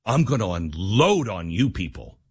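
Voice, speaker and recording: A male radio talk show host giving an impassioned political monologue, his voice climbing toward yelling and dropping low again. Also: big pitch swings, moderate pace, slightly rough, no room sound. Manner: heated, rising to near-yelling then dropping low.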